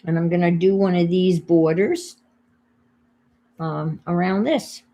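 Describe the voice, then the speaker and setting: A woman's voice: lowish voice, measured pace, warm tone. An older woman with a New York accent, chatting casually to viewers on her crafting livestream while she works. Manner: chatty, thinks aloud while working, greets viewers.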